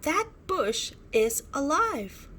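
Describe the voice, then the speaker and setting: A woman puts on a jumpy young dinosaur girl with a high, excitable voice that leaps around. She scares easily, in a slow storybook reading. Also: full character voice. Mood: frightened.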